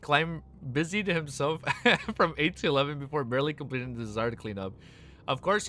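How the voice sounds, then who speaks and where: A young man on a live stream, reading a novel aloud and often breaking off to react with excitement. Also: mid-range voice, a little hiss or hum. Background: faint background music.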